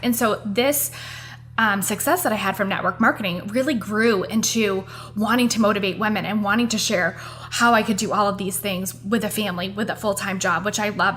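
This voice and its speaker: A woman's voice: medium pitch, fairly bright tone. A woman, hosting her own podcast in a chatty, upbeat way, often tossing in "like" and "right?". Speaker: podcast host. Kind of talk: casual solo podcast talk.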